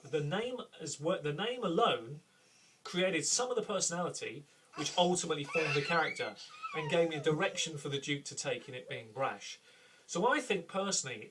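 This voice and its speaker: Middle-aged man from the UK, chatty host, slightly raised pitch, husky. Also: fairly bright tone, far from the mic. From United Kingdom. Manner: chatty, self-deprecating, thinking aloud. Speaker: host, game master. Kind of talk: tips talk for tabletop game masters.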